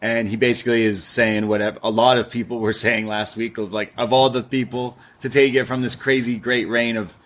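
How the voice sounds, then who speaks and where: A man co-hosting a casual wrestling podcast, giving relaxed opinions and agreeing with his co-host. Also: mid-range voice, normal speed, hardly any pauses. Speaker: wrestling show reviewer.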